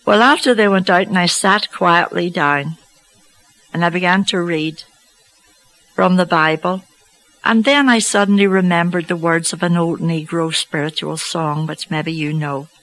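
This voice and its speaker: A woman telling a personal faith story to an audience, slow and reflective with gentle humour. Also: lowish voice, steady tone, low-quality recording. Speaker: speaker giving a faith testimony.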